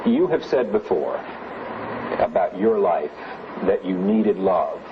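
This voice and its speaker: A man's voice: sits low, lively intonation, takes it slowly. A male interviewer asking probing, challenging questions, on muffled old tape with hiss. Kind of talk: archival TV interview.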